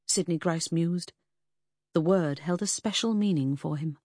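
A woman narrating a period mystery audiobook in an expressive storytelling manner. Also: deep voice, normal speed, no room sound, studio quality. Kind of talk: scripted narration.

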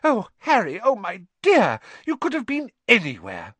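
A man's voice: very high-pitched, expressive, moderate pace, no echo, pitched above the performer's own voice. A man voicing a worried, motherly witch who fusses and scolds sharply. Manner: fussing, sharp.

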